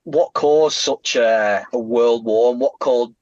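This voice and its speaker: A man's voice: mid-range voice, slow, dry recording, highs cut off. Rambling British man telling stories. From United Kingdom. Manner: rambling, animated, frequent restarts. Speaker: guest traveller. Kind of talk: casual podcast storytelling.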